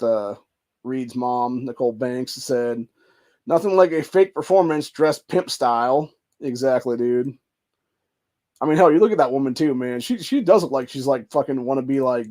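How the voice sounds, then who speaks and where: A man's voice: medium pitch, mellow. A man hosting a podcast, rambling in casual commentary with lots of swearing and filler phrases. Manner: rambling and profane, full of fillers. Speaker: podcast host.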